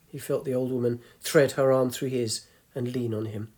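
A man narrating a story in a measured, gently descriptive way. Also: medium pitch, fairly even intonation. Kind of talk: scripted narration.

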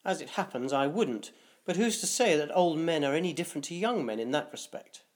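A man's voice: fairly high pitch, lively intonation, fairly quick, close to an everyday voice. A male narrator voicing a grumpy, wary old village man who mumbles under his breath. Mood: wry.

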